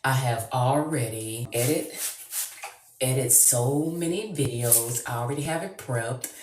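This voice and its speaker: A woman vlogging, chatty and animated, talking straight to her viewers. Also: a bass voice, a little slow, reverberant, a little hiss or hum. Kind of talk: excited vlog chat.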